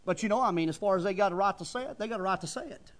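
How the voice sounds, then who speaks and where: With a notably high voice, a middle-aged preacher gives a folksy, fervent sermon at a rapid-fire pace. He swells into loud, emphatic bursts before dropping back to plain talk.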